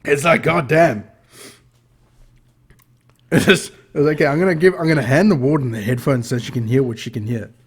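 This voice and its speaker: A man hosting a loose, tipsy podcast chat, joking and swearing freely between laughs. His voice is husky and somewhat breathy, at a middle pitch. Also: moderate pace, long pauses. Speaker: podcast host.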